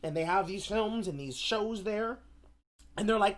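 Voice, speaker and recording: A woman streamer ranting in casual commentary, profane and animated, often slipping into mocking voices. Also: mid-range voice, unhurried.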